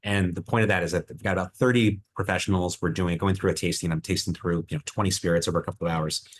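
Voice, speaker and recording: A middle-aged man with a very low, deep voice, leading a gin tasting over a video call. He talks with enthusiasm, then turns reflective, pausing often with fillers and restarting his sentences. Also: steady tone, a little hiss or hum. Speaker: head distiller. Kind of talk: presenting a virtual tasting.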